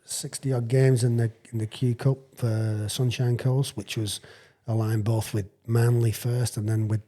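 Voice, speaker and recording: Mellow-voiced older man. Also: mid-range voice, little pitch movement, normal speed. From England. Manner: rambling, chuckling storyteller with frequent restarts. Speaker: retired rugby league player, podcast guest. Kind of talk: casual storytelling anecdote.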